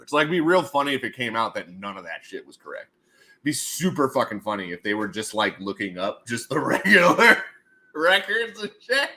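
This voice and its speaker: A man's voice: mid-range voice, big pitch swings, moderate pace, sharp tone. A man hosting a casual livestream, rambling and joking and laughing often between his remarks. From United States. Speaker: livestream host.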